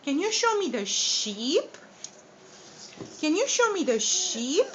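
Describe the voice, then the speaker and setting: A woman's voice: high voice, big pitch swings, slow pace, a bit bright, slight background noise. A woman teaching small children at home, sing-song and patient, repeating her questions and making animal sounds, filmed on a phone. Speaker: parent teaching young children. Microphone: phone camera. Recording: muffled phone video recording.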